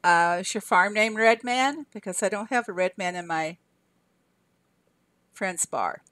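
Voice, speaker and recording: An older woman from Arkansas, speaking with a Southern US accent, streams games and chats casually, laughing a lot and answering her chat out loud. Her mid-range voice is unhurried and a bit bright, with no room sound.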